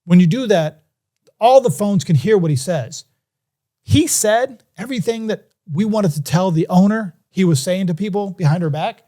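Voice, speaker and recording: A high-pitched man talking at normal speed tells a casual story on a podcast where he's a guest. He gets animated, imitating the voices of the people involved.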